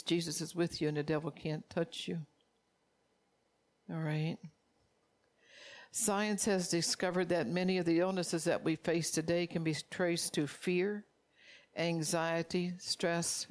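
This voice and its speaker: A woman's voice: on the low side, fairly even intonation, unhurried. A woman preaching a sermon, repeating phrases for emphasis and reading scripture aloud as she urges her listeners directly.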